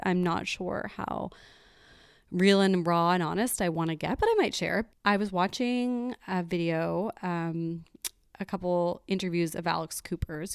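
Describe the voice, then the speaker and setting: Candid young woman with a gravelly edge. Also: lowish voice, no echo, clean studio sound. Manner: candid, rambling storytelling with many fillers. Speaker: podcast host. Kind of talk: solo podcast monologue.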